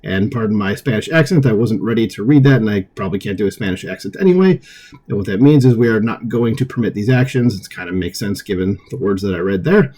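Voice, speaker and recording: A man's voice: on the low side, expressive, fast talker, dark tone. A man hosting political commentary, reading an article aloud in a casual way and breaking off for conversational asides with fillers and chuckles.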